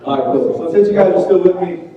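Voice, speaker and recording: A young man gives a loose, joking youth sermon, throwing questions at the room and poking fun at himself. His voice sits a touch high. The sound is dull and far from the mic, with a long echo from a big hall. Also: quick pace. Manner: joking, self-deprecating, asks the room questions. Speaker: youth pastor. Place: church hall. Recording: roomy far-off hall recording.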